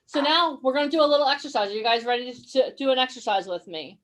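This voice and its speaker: A woman's voice: sits high, fast, few pauses, a bit bright. A woman coaching actors and models in a motivational online workshop. She talks energetically, encourages her listeners and keeps asking them questions.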